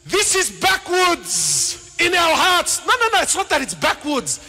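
A man preaches with fervour in a very high, bright, forceful voice, jumping from shouted appeals to quiet asides and acting out the people in his stories. His lecture rings through a large hall with a long echo. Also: wildly swooping pitch, a little slow. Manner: swings between shouted appeals and low asides; acts out dialogue in storytelling. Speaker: Islamic preacher. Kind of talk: passionate religious lecture. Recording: reverberant hall.

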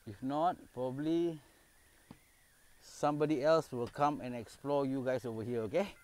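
A man's voice: medium pitch, fairly even intonation, moderate pace, darkish tone. A man with a Singaporean English accent talks on a casual live stream from a park at night. He jokes and banters freely, dropping Malay phrases into his easygoing chatter. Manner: jokey, banters with spirits, mixes in Malay phrases. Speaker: paranormal explorer live-streaming. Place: dark park outdoors at night.

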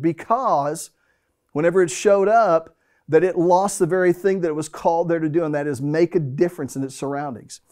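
A man's voice: on the high side, darkish tone. A middle-aged man preaching a sermon as pastor, telling a family story and acting out its scenes.

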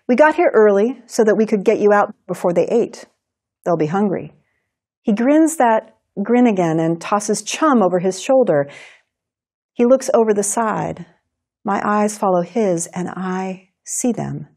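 A woman teaching writing in a recorded lecture, explaining in a clear, measured way. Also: medium pitch, darkish tone. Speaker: writing instructor.

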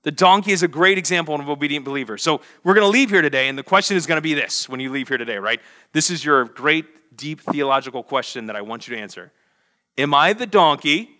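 A young adult man preaching a lively sermon, telling a story with big energy and acting out the voices in quotes. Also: mid-range voice. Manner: animated, acts out voices in quotes. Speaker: pastor.

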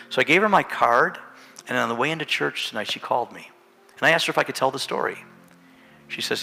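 A male pastor preaching a storytelling sermon, his voice gravelly with a bright, forceful edge. It swings from hushed asides to loud bursts. Long reverb from a church hall carries every line. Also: medium pitch, fast talker, a little hiss or hum. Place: church sanctuary.

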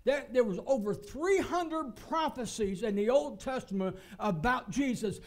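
Male pastor, high voice, emphatic sermon delivery with repetition. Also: expressive, a little slow, few pauses. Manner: emphatic preaching, repeats phrases for stress. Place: church.

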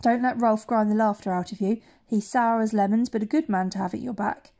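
A woman voicing a big, calm slave oarsman who speaks with dry wisdom. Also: medium pitch, brisk, close to an everyday voice. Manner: calm, dryly wise.

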